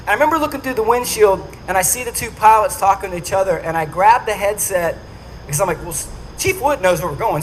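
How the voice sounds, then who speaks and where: A man speaks to a dinner audience in a high-pitched voice and tells his story with animation, acting out each quote. A faint hum of the event venue sits under him. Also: a bit bright, low-quality recording.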